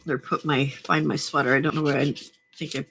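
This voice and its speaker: A woman's voice: low voice, little pitch movement, brisk, gravelly, a bit bright, slight background noise. A woman hosting a casual late-night crafting livestream from home, chatting to viewers and talking to herself as she works. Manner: chatty, talks to herself while working, greets viewers. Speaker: livestream host.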